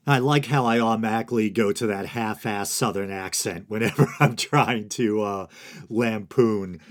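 A man's voice: fairly low pitch, normal speed. A man with a Boston accent hosting a solo podcast, casually commenting and reading from sources with self-mocking asides. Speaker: podcast host.

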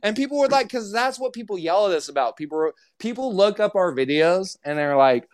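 A man's voice: sits high, fairly quick, few pauses, no room sound. A man hosting a podcast, ranting and joking in casual, profane banter. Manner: animated, profane, joking rants. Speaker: podcast host.

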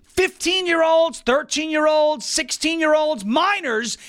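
A man's voice: extremely high pitch, lively intonation, measured pace, a bit bright. A man hosting an opinion show, delivering indignant, emphatic commentary. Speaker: political commentary host.

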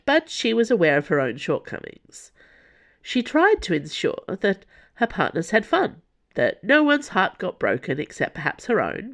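An audiobook narrator reading scripted fiction expressively. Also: mid-range voice.

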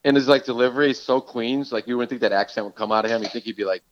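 A man hosting a casual chat who swears a lot and tells animated stories. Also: mid-range voice, very fast, dull audio, slight background noise. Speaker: podcast host.

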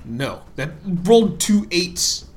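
A young man narrating a tabletop game as game master, lively and chatty, often laughing. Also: high-pitched, slow pace, crowd noise.

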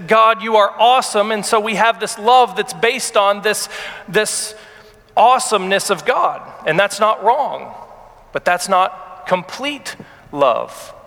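A man in his thirties preaching a sermon, earnest and halting, with many repeated words, and he grows emotional as he speaks. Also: high voice, bright, forceful tone, in a large hall. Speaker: pastor.

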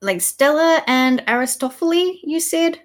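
A woman co-hosting a casual podcast chat about poetry, sarcastic and animated, with many fillers and restarts. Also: high-pitched, unhurried. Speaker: podcast co-host.

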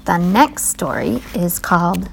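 A woman reading a children's storybook aloud in a slow, even manner. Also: fairly low pitch, creaky, a little hiss or hum.

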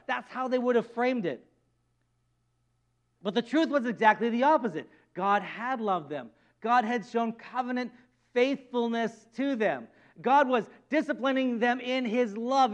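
Preaching in a conversational style, a man with a very high, expressive voice speaks at normal speed. He repeats words, poses rhetorical questions, and voices both God and the people through quoted speech.

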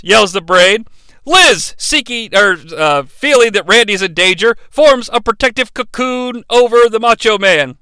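Hyped guy doing a funny recap, high lively voice, swears a lot, dry close mic. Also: clean tone, dry recording. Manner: excitable, swings between loud outbursts and fast asides, swears freely. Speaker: podcast host reviewing wrestling. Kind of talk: comedic recap narration.

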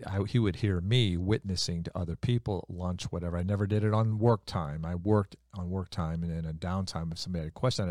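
Guy w a really low voice telling his faith story, down to earth, dry close mic. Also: a little mellow, no echo. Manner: folksy, earnest storyteller. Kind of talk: casual faith talk, personal storytelling.

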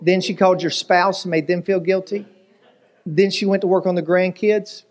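A man's voice: sits high, level tone, normal speed, a little mellow. A man preaching a sermon as pastor, telling jokes and stories and asking the congregation rhetorical questions.

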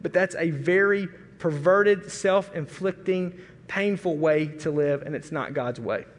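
A man's voice: on the high side, unhurried. Folksy preacher man in an echoing hall. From Arkansas, USA. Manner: storytelling, folksy and animated, acting out family voices. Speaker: pastor. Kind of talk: sermon. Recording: long reverb of a large hall.

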